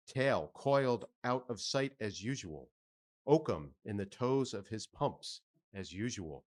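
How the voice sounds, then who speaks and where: A man voicing a jovial middle-aged sailor who muses aloud with folksy asides. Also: mid-range voice.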